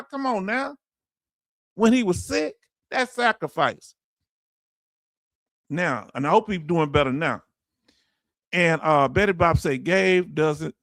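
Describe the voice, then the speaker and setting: A man hosting a casual livestream, reading chat messages aloud with animated, laughing energy. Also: on the high side, vocal fry, no echo, studio quality. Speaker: livestream host.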